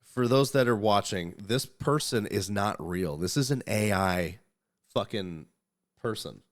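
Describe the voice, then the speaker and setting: A man's voice: lowish voice, a little slow. A man hosting a podcast in casual chat, rambling, swearing freely and reading articles aloud. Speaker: podcast host.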